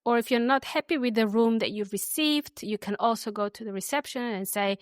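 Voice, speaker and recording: A woman hosting an English lesson podcast, friendly and easygoing, who says example phrases slowly and repeats them for listeners to copy. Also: on the high side, no echo, studio quality. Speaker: English teacher and podcast host.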